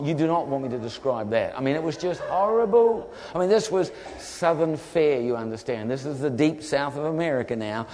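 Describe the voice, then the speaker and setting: Kiwi guy preaching, funny storytelling, bit high voice, hall echo all around. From New Zealand. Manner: lively storyteller acting out voices. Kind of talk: humorous testimony sermon. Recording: long hall reverb.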